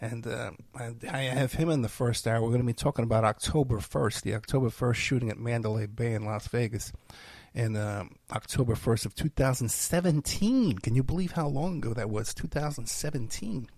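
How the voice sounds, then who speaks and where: Man, podcast host, rambling, self-deprecating, tired and unwell, gravelly voice, dry close sound. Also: medium pitch, a little fast, a little mellow, no room sound. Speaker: podcast host and private investigator. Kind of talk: rambling solo podcast talk.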